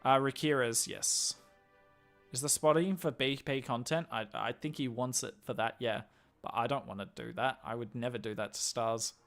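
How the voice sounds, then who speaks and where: An Australian man chatting casually on a live game stream, answering viewers' questions and thinking out loud. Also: medium pitch, steady tone, a little fast, gravelly, soft background music.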